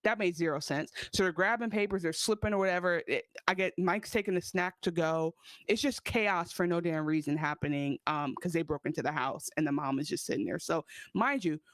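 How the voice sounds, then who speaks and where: A woman's voice: on the low side, clean tone, no echo. A woman co-hosting a casual TV recap podcast, chatting and acting out characters' lines. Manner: animated, acts out characters' lines. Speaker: podcast co-host.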